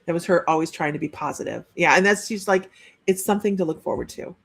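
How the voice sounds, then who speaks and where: A woman psychic medium giving a live-streamed reading in a husky, gravelly voice. She talks casually, relaying what she senses and often restarting mid-sentence. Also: fairly low pitch, quick pace. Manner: chatty, relays messages with frequent restarts.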